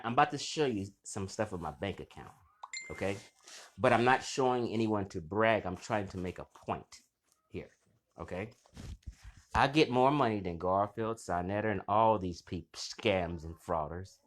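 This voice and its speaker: Animated, boastful man calling people out. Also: lowish voice. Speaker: channel host. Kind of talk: casual call-out vlog.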